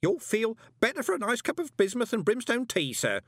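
A man's voice: a little high, wildly swooping pitch, moderate pace, fairly bright tone, no room sound, clean studio sound, voice pushed up, full character voice. A man voicing a fussy old male postal worker who babbles and quavers. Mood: babbling. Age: older.

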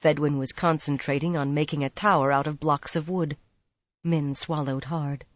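A woman reading a fantasy audiobook in a calm, even manner. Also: deep voice, normal speed, no echo, highs cut off. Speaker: audiobook narrator. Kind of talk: scripted fantasy narration.

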